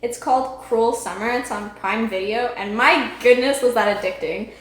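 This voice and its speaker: A woman's voice: a little high, moderate pace. Gushing young woman book vlogger. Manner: gushing, rambling, lots of "like". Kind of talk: casual chat to camera.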